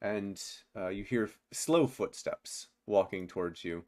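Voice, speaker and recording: A man's voice: fairly low pitch, measured pace, darkish tone. A man narrating as game master of a tabletop game, laughing often and rambling through fillers.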